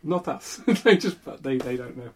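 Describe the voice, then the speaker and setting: A young man in casual comedic chat, telling rambling animated stories as co-host. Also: medium pitch, normal speed, husky. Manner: rambling, animated storytelling with put-on voices. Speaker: podcast co-host.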